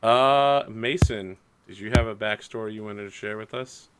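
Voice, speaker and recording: A man running a tabletop game as game master, joking, animated and swearing freely in casual chat. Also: fairly low pitch, normal speed, background noise.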